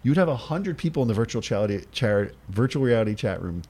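Lively low-voiced man chatting on a podcast. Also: fast talker, husky. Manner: rambling storyteller, swears freely. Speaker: podcast co-host. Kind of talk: casual podcast chat.

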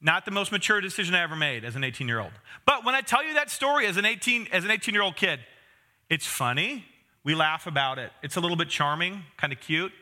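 A man's voice: sits high, expressive, fast talker, bright, forceful tone. A man in his thirties preaching a conversational sermon, with self-deprecating humor and asides to the congregation. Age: 30s. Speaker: pastor.

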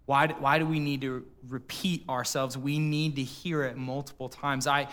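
Man preaching, hushed storytelling pastor. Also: mid-range voice, flat delivery, moderate pace. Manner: storytelling, quiet and hushed at emotional quotes, rising when addressing the church. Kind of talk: sermon. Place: church auditorium.

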